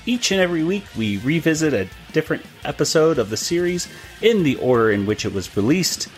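A man's voice: on the high side, very animated, a little fast, soft background music. Chatty man hosting a podcast. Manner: laughing, rambling with fillers. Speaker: podcast host. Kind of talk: casual podcast chat.

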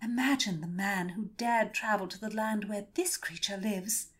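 A woman voicing an odd, quiet young woman who speaks in a light, wondering way. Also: mid-range voice, steady tone, moderate pace, breathy edge, pitched above the performer's own voice, natural voice.

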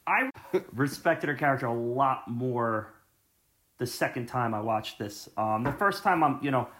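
Guy rambling about a movie with his buddy, lots of restarts, average pitch. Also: lively intonation, a little slow, fairly bright tone. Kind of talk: casual movie discussion.

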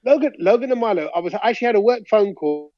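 A podcast co-host with a high voice chats casually, racing through animated, slangy stories from home and laughing as he talks. He's speaking into a phone over a video call, so the sound is dry and somewhat muffled, with no room sound.

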